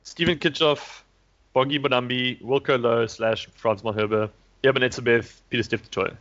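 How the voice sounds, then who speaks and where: A man's voice: mid-range voice, steady tone, moderate pace, a bit bright. A man hosting a casual chat, rambling with many fillers and restarts. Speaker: podcast host previewing rugby. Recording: dull lo-fi recording.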